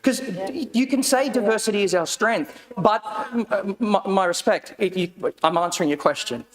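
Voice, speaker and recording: Impassioned Australian man, high voice. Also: normal speed. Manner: impassioned, emphatic, rising to shouting. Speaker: county councillor. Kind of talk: council chamber debate reply. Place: large council chamber. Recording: long reverb of a council chamber.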